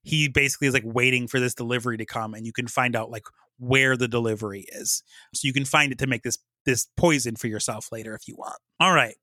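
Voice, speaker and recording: A man's voice: medium pitch, quick pace, no echo. A man hosting a podcast, animatedly retelling a video game's plot in casual chat with lots of fillers. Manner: animated storytelling, many fillers. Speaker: podcast host.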